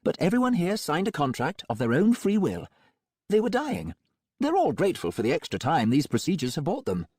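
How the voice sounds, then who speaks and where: A man's voice: a little high, wildly swooping pitch, brisk, darkish tone, slightly rough, no room sound, studio quality, voice pushed up, heavily acted. A man voicing a callous male doctor who runs a cyborg ward, breezy and condescending. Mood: smug.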